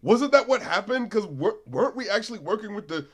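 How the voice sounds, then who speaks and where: A man with a high, very lively voice talks through a casual review podcast. He is animated, laughs often, and swears freely as he recaps. His pitch swoops up and down constantly. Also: fairly quick, breathy edge. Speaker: podcast co-host.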